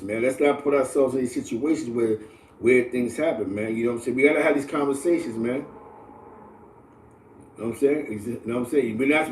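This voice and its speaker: A middle-aged man from the Bronx, talking casually to livestream viewers in animated street slang and often asking "you know what I'm saying". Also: mid-range voice. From the Bronx, New York. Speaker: livestream host. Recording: roomy, distant from the mic.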